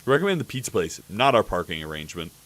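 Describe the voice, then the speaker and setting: A man's voice: sits low, big pitch swings, fast talker, a bit bright. A man streaming live, telling a story in a rambling, casual way, with lots of fillers and swearing.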